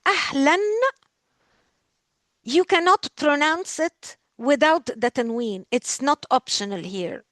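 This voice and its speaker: A woman's voice: high-pitched, lively intonation, unhurried, hardly any pauses, a bit bright, dry recording. A woman teaching a class in English, explaining patiently and repeating words aloud for drill. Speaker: Arabic language professor. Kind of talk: recorded lecture.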